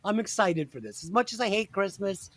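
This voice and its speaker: A man's voice: high voice, expressive, a little fast. A man hosting a podcast, joking crudely and laughing often. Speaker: podcast host. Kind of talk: casual podcast banter.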